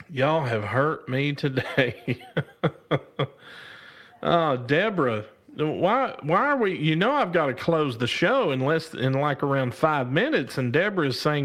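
Slow-talking man hosting a live chat. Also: fairly high pitch, expressive, fairly bright tone. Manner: chatty, laughs often, exclaims to God. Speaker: live show host reading viewer comments. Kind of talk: casual live-stream chat.

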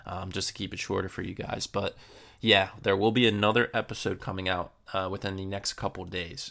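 Podcast host, young man, deep gravelly voice, laid-back match previews. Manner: relaxed, filler-heavy match previewing. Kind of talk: casual football podcast chat.

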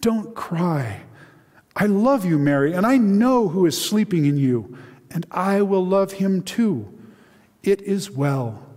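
Joseph the young carpenter, resolute and loving, read by a man, fairly high voice, reverberant hall. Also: lively intonation, takes it slowly, a little mellow, full character voice. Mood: tender. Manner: bellowing when roused, tender when comforting. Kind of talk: dramatic reading in a sermon.

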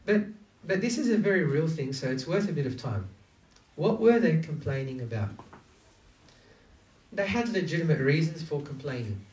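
A man's voice: fairly high pitch, expressive, moderate pace, pauses often, a little mellow. A man preaching a conversational sermon who keeps asking his listeners questions. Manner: engaging, asks the audience many rhetorical questions. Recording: echoey room, distant from mic.

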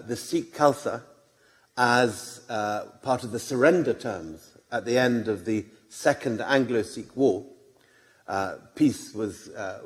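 Halting male lecturer in a reverberant hall. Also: mid-range voice. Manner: halting delivery with frequent "uh" fillers; wry asides. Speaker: author giving a lecture. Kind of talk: public lecture.

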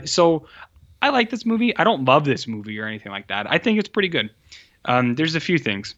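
A man's voice: medium pitch, muffled recording. A man casually reviewing an old film with a co-host, swearing freely and acting out the characters' lines. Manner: animated, profane, acts out characters' lines. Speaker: podcast co-host.

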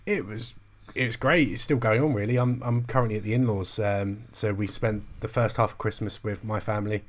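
A man's voice: fairly low pitch, steady tone, a little fast. A man hosting a podcast in casual chat, hesitant, with many ums and chuckles. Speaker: podcast host.

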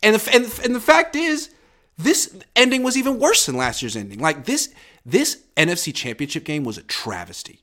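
A man co-hosting a podcast in casual sports chat, emphatic and animated, often restarting his sentences. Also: high voice, brisk. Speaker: podcast co-host.

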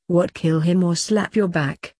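A sardonic young male reaper prince, as a woman voices him in a storybook reading, husky and a touch low. He mocks everyone in an offhand drawl. Recorded dry and close. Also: steady tone, a little slow, a little mellow, no echo. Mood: mocking. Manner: mocking, offhand.

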